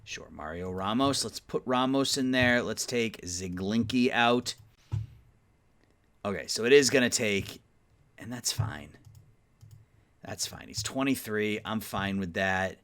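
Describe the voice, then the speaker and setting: A man with a fairly low voice talks his way through a sports management game in an easy, offhand way. He sounds sleepy, yawns now and then, and mutters under his breath as he weighs each trade. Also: slow, long pauses, fairly bright tone. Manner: thinking aloud, sleepy, yawning often; mutters trade talk to the game's teams. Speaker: gaming YouTuber playing a baseball management sim. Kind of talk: casual let's-play commentary.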